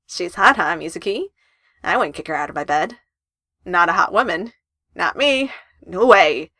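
A woman voicing a flustered, panicky young man who bursts out in loud, frantic exclamations. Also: lowish voice, expressive, normal speed, no echo, clean studio sound, full character voice. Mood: blustering.

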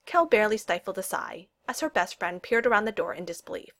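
A woman's voice: a little fast, hardly any pauses. A woman reading a storybook aloud, giving the characters' lines their own voices. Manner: reads narration evenly and voices the characters' lines with lively pitch jumps. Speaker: audiobook reader. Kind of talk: storybook narration.

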